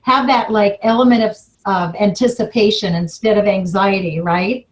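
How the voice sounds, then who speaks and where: A woman's voice: mid-range voice, steady tone, moderate pace, rough recording. Gushing woman hosting a group call. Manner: gushing and effusive. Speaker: call host. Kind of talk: emotional thanks on a group call. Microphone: phone or computer on a conference call.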